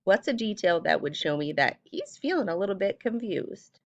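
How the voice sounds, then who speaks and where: A woman teacher giving a recorded reading lesson, speaking clearly and patiently and reading short passages aloud with expression. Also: medium pitch, big pitch swings, normal speed, no room sound, highs cut off.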